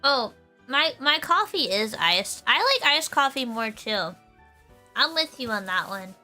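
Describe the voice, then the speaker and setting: High-voiced, giggly woman streamer. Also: lively intonation, measured pace, pushed and bright, faint music behind. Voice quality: high, girlish voice that viewers comment on. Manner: giggly, laughs often, full of "like" fillers. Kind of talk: casual chat stream.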